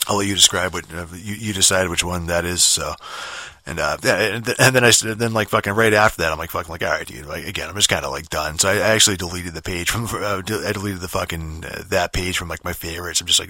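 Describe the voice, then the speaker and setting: Low, bright-toned, mumbly Boston man. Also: quick pace, dry recording. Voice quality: mumbly, slightly slurred. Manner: profane, rambling, repeats words and restarts. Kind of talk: rambling casual storytelling.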